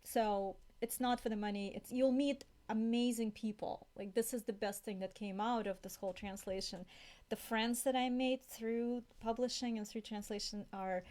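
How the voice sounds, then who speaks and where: A woman's voice: fairly high pitch, fairly even intonation, normal speed, darkish tone. A woman in her thirties, a guest translator in a casual live-stream interview, chatty and self-deprecating. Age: 30s.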